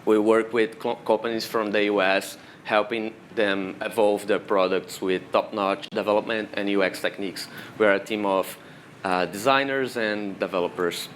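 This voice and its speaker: A man's voice: on the low side, normal speed, a little hiss or hum. Brazilian man giving a technical talk. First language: Portuguese. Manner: explanatory, steady walk-through of technical steps. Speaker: conference speaker. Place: conference room.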